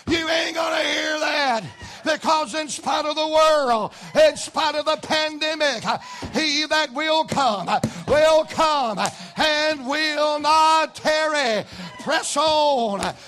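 A man preaching a revival sermon, folksy in his stories and building to fervent shouts. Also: very high voice, slow pace, a faint crowd. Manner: folksy storytelling.

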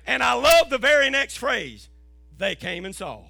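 A middle-aged man, preaching an impassioned sermon as a pastor and rising to shouts. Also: extremely high pitch, big pitch swings, measured pace, gravelly, dry recording, studio quality, faint music behind.

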